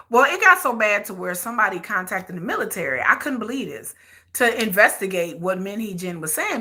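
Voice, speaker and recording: A woman's voice: fairly low pitch, pushed and bright. A woman hosting a commentary channel, delivering blunt, emphatic opinions in a repetitive style.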